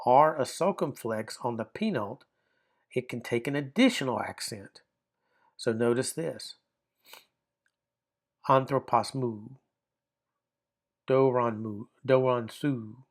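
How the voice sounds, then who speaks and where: A man teaching a grammar lesson, explaining step by step with frequent fillers and restarts. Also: mid-range voice. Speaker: Bible language teacher. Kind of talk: classroom grammar lecture.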